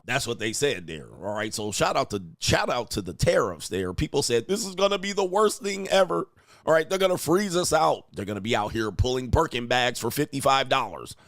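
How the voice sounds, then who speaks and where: A man hosting a news commentary channel, reading headlines and reacting in an animated, slangy way, often quoting people in put-on voices. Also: mid-range voice, fairly quick, hardly any pauses.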